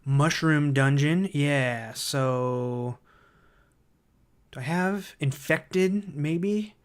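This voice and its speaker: A man hosting a livestream who reads viewer comments aloud and thinks out loud, hesitant and full of fillers, easily excited by ideas. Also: on the high side, very slow, clear, resonant tone. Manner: enthusiastic about ideas. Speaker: livestream host.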